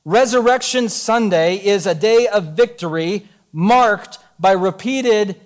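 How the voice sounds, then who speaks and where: High-voiced man preaching a casual sermon. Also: slow. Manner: conversational and joking, retelling scripture in everyday words. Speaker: pastor.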